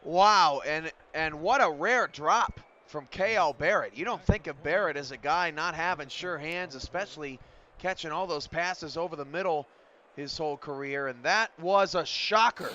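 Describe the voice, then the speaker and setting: A man calling a simulated football game play by play, surging loud on big plays. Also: high-pitched, highs cut off. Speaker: play-by-play commentator. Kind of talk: sports commentary.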